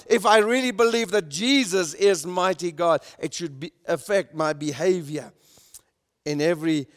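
A man preaching a sermon as pastor, emphatic, swelling loud on key points and dropping to a soft, hushed tone. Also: a little high. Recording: long reverb in a hall.

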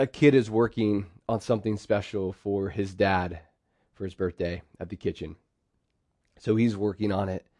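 A man preaching a sermon, lively, acting out quoted phrases in sudden bursts. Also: lowish voice, no room sound, studio quality. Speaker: pastor.

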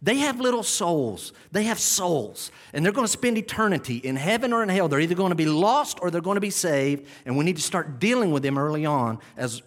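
A man preaching a sermon as pastor, animated, acting out scenes and dropping to quiet asides. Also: fairly high pitch, brisk, few pauses. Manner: animated, acts out shouting disciples, drops to near-whisper asides.

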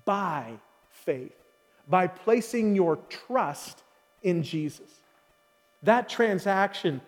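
A male pastor preaching a sermon in a large hall, emphatic, repeating key phrases and asking the audience questions. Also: high-pitched. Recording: long hall reverb.

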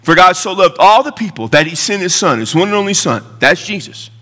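Pastor guy preaching, high bright voice, echo from a big church hall. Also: big pitch swings, a little fast. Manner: emphatic, argumentative preaching with rhetorical questions. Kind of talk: sermon. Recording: long hall reverb.

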